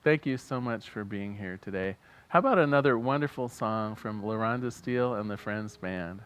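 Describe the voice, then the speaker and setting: A man's voice: fairly low pitch, moderate pace, a bit bright, clean tone. Earnest man leading a church prayer. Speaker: minister. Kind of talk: sermon and prayer. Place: church service.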